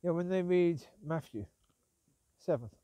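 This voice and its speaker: Out on a walk with his dogs, a Christian talk vlogger rambles casually about ministers and sin, breaking off to call to the dogs between points. His voice is on the high side and mellow, at a measured pace, with no echo.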